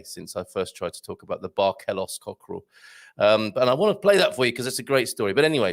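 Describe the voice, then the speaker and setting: A man hosting a casual livestream, rambling in a jokey way and reading out viewer comments. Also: mid-range voice. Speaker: livestream host. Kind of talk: casual live-stream chat.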